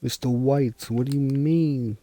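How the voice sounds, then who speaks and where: Guy putting on a higher whiny young dude, confused and loud, kinda gravelly. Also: steady tone, a little slow, no echo, close to an everyday voice. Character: jittery young male sidekick, confused and whiny.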